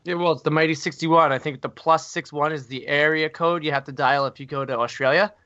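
A man's voice: on the high side, steady tone, brisk, pushed and bright. A man hosting a podcast in casual chat, teasing his co-hosts and steering between topics. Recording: dull lo-fi sound.

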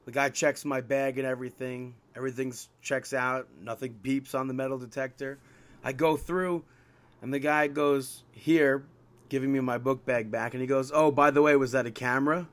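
A man's voice: medium pitch, normal speed. A man telling a story on a podcast, acting out each exchange as he gets more and more exasperated. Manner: animated, exasperated retelling with quoted dialogue. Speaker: podcast co-host. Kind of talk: casual chat, storytelling.

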